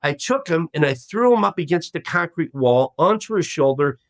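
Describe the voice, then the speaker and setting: A man in his sixties, a podcast guest telling a long story in a lively way and acting out the voices of the people in it. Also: fairly high pitch, moderate pace, dry recording. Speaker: guest, former hostage.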